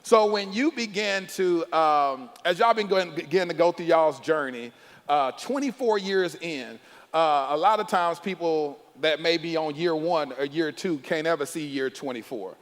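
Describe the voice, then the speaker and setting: A middle-aged man leads a church panel on marriage, loud and animated, often breaking into laughs. His voice sits a bit high for a man. The sound rings with the long reverb of a large hall. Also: moderate pace. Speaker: pastor hosting a married-couples panel. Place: church sanctuary.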